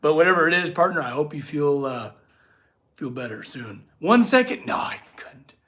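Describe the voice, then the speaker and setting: A man's voice: fairly high pitch, very animated, normal speed, a bit bright. A man streaming from his metal workshop, chatting loosely with viewers and fussing over his dogs. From California. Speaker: blacksmith streamer. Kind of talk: casual livestream chat.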